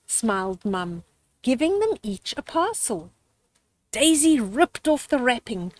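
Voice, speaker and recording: An older woman reading a children's story aloud outdoors, slow, gentle and expressive. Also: a little high, dry recording.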